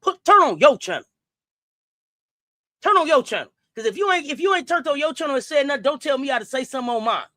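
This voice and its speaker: A woman hosting a sports livestream, delivering a profane, confrontational rant with repeated challenges and shouted bursts. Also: sits high, animated, fast, no room sound, studio quality.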